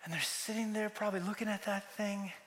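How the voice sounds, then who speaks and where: A man's voice: high-pitched, fairly even intonation, a little fast, fairly bright tone. A man preaching a sermon, telling a story and acting out the characters' lines. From United States. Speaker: pastor. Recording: echoey hall with long reverb.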